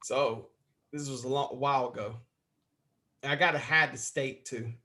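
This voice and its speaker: Male podcast guest, raspy edge, rambling storyteller. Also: mid-range voice, steady tone, moderate pace, pushed and bright. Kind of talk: casual interview storytelling.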